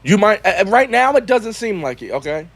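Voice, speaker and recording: A man co-hosting a livestream, talking in a halting, rambling way. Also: high-pitched, sing-song, vocal fry, breathy edge, no echo. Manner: halting, rambling, with false starts. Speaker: co-host of a livestream show. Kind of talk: casual livestream chat.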